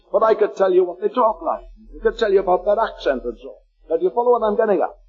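A man from Liverpool, England, with a Liverpool accent, preaching a fervent sermon and slowing down to read scripture aloud. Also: sits high, breathy edge, lo-fi sound.

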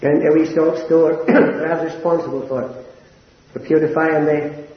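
An older man preaching a sermon, earnest and climbing to high, impassioned emphasis. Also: fairly even intonation, normal speed. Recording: roomy, dull lo-fi sermon recording.

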